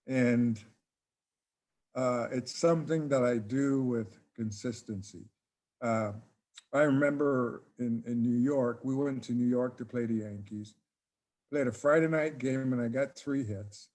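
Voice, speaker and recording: An older man and former ballplayer, relaxed and casual, telling a long anecdote in an interview and acting out the dialogue. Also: medium pitch, measured pace. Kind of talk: casual storytelling.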